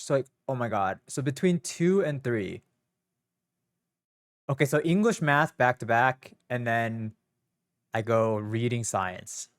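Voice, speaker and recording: A young man streaming live, talking casually to himself and his viewers in a nervous, rambling, self-mocking way. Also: mid-range voice.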